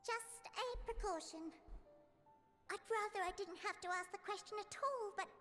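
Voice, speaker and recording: A woman's voice: very high voice, moderate pace, sharp tone, soft background music. A voice actress in a fantasy video game playing an earnest, formal woman leader responsible for a ship full of people.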